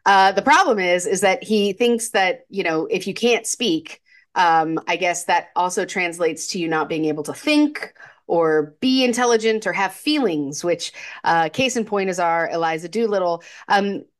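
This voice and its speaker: A woman's voice: lowish voice, moderate pace. Chatty woman with lots of fillers. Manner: chatty, laughing, many fillers and restarts. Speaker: podcast co-host. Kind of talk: casual film chat.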